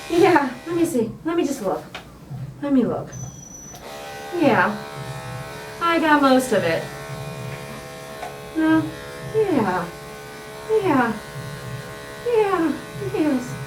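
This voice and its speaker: A woman dog groomer who coaxes and scolds a dog while she trims it, then explains her steps. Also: high-pitched. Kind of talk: grooming tutorial, talking to the dog. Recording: roomy sound, mic at a distance, clipper noise. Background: electric clippers buzzing.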